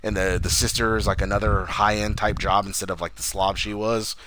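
A man's voice: lowish voice, level tone, brisk, a bit bright, a little hiss or hum. A young man co-hosting a casual movie review, retelling the plot in a rambling, profane way. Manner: profane, rambling plot recap with acted quotes. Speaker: podcast co-host.

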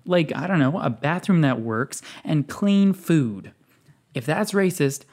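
Man hosting a reaction commentary, sarcastic, scoffing, lively ups and downs in pitch. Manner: sarcastic, scoffing, reads text aloud. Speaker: commentary video host.

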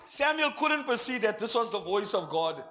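Speaking into a handheld mic at a moderate pace, a South African man delivers a sermon from the pulpit. His voice sits notably high for a man, and he animatedly slips into character voices and laughs along the way.

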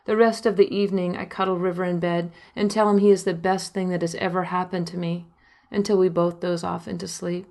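A woman's voice: lowish voice, level tone, brisk, darkish tone. A young woman reading her own memoir aloud, telling her story in an intimate first-person way, with emotional quoted lines. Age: young adult. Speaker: narrator and author of a memoir. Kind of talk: audiobook memoir narration.

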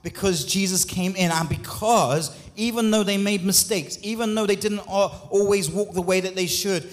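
A man preaches as lead pastor, his voice pitched a little high. He surges into loud, drawn-out lines and then drops into quick, quieter asides. The sound carries a long reverb from a church hall. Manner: impassioned, swings between loud rises and quick quiet asides. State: out of breath. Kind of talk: sermon.

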